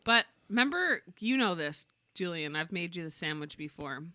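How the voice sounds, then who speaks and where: Bright-voiced chatty woman co-host. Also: on the low side, moderate pace, no echo. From Canada. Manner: chatty, animated storytelling with playful mock voices. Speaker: podcast co-host. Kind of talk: casual chat.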